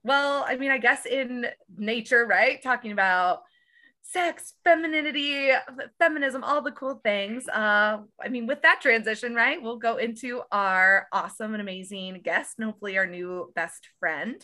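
A woman's voice: on the high side, moderate pace, bright, forceful tone. An American woman hosting a podcast, chatting in a bubbly, enthusiastic way. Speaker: podcast host. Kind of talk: casual chat.

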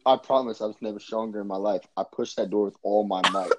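A man's voice: on the low side, steady tone, fast talker, lo-fi sound, heavy background noise. A young man earnestly telling a scary story in a casual chat, insisting it is true.

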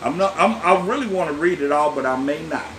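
Lively, animated man preaching. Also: a little high, quick pace, a little hiss or hum. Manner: lively, folksy preaching with laughs and asides to listeners. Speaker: pastor. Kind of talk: sermon.

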